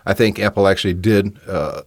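This solo podcast host has a deep voice and a brisk delivery, chatting casually and giving opinions while restarting his sentences frequently. The studio-quality recording is dry.

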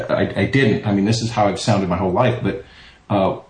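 A man with a low voice talks casually about his voice work. He brings his stories to life by acting out what others said. The sound carries a roomy echo. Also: brisk. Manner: animated storyteller, acts out quotes. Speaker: voice actor, guest. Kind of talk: casual interview chat.

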